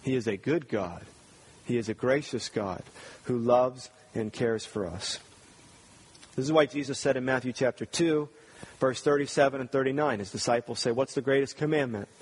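A man's voice: mid-range voice, moderate pace, husky. A man preaching a sermon, earnest and talking to the congregation with rhetorical questions. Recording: long reverb of a large hall.

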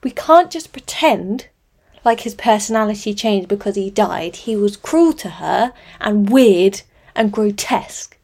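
A woman's voice: medium pitch, little pitch movement, unhurried, warm tone, close to an everyday voice. A woman voicing a tired, bitter elder sister who speaks curtly. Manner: tired, curt.

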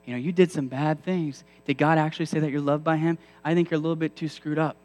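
A man's voice: a little high, fairly even intonation, quick pace, a little mellow, lightly acted. A man voicing a sly, scornful male devil who sneers and casts doubt in his questions.

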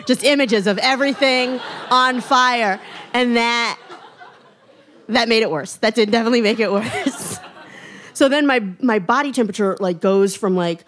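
A young woman telling a personal story on stage, animated and self-mocking, often laughing through her lines. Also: medium pitch, normal speed.

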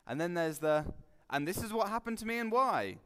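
A man giving a relaxed, conversational sermon, joking and acting out quotes with sudden loud bursts. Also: high voice, a little fast, smooth. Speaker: preacher. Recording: long hall reverb.

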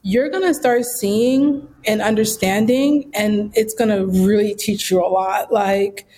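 A woman's voice: mid-range voice, unhurried, rough recording. A young woman, a business founder, telling stories casually in an interview with lots of fillers. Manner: animated, chatty storyteller with lots of fillers. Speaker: guest, bag brand founder.

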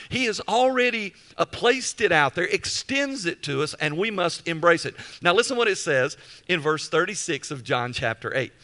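A male pastor preaching a sermon emphatically, repeating key phrases and slowing down for weight. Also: high voice, pushed and bright.

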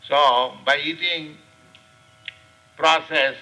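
An older man with an Indian accent giving a scripture class lecture, speaking slowly and deliberately with many pauses and fillers. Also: fairly high pitch, steady tone, sharp tone, low-quality recording. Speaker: spiritual teacher. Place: class room.

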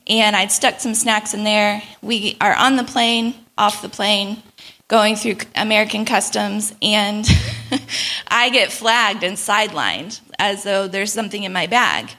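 A young woman telling a travel story in a sermon, animated and laughing often as she acts out the people in it. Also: mid-range voice, measured pace. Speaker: speaker at a church gathering.

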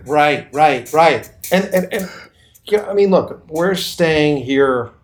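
A man's voice: a little high, takes it slowly. A man from the US East Coast hosting a podcast, telling stories in casual chat with lots of swearing. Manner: animated, profane storytelling. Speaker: podcast host.

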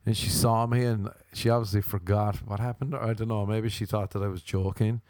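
A man's voice: on the low side, fairly even intonation, a little fast, darkish tone, no room sound, studio quality. Profane Irish man telling comic stories. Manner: profane, laughing, acts out quoted voices. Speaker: comedian. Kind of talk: casual comic storytelling.

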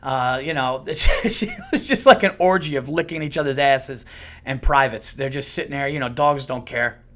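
Here a man somewhere in his thirties or forties hosts a podcast, recounting a tale in a relaxed, swear-filled, energetic way at an even pace. Quoted lines get performed with sharp spikes in pitch and volume.

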